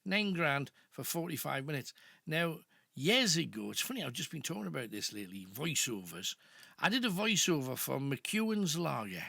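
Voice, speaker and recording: An older radio host with a Geordie accent, talking in a gravelly, bright and fairly high voice. He rambles through anecdotes into a dry, close studio mic. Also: very animated, moderate pace, no echo. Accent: Northeast English (Geordie). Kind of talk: late-night phone-in chat. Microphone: studio microphone.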